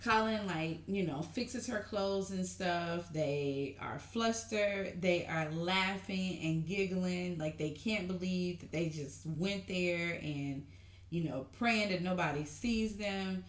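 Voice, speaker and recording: A woman giving an excited, gushing TV recap to her viewers, calling them honey and y'all in an animated way. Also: lowish voice, slow pace. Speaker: TV recap vlogger. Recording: roomy echo.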